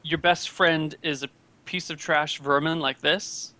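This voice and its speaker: A man's voice: on the high side, steady tone, a little slow, sharp tone. A man voicing a rude, dismissive male night watchman in a tabletop game. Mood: scornful. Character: gruff male night watchman guarding a bar.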